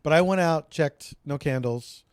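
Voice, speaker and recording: A man's voice: on the high side, a little slow, smooth. A man co-hosting a podcast at home, trading wry, dry asides in casual chat. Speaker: podcast co-host. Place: home, indoors.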